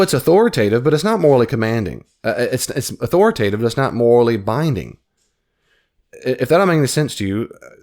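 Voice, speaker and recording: Male podcast host, lively up-and-down delivery, argumentative, restarts his sentences. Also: medium pitch. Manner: animated, self-correcting, argumentative. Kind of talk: casual commentary.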